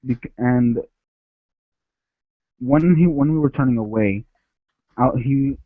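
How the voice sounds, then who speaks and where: Over a dry, tinny phone line with no echo, an Ecuadorian caller with a medium-pitched voice speaks slowly through his headset. His childhood story rambles, with many restarts, as he shares it in a phone-in.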